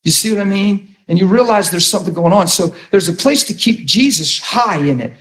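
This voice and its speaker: A man's voice: sits high, expressive, brisk, echoey room. A man preaching a sermon in a conversational, emphatic way, often repeating words as he starts a thought.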